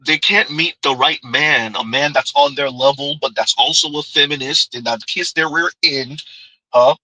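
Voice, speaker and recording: Bright, sarcastic commentary man. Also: mid-range voice, normal speed, no echo, poor audio. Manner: sarcastic, talks back to himself. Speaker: commentary host. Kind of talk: reaction commentary.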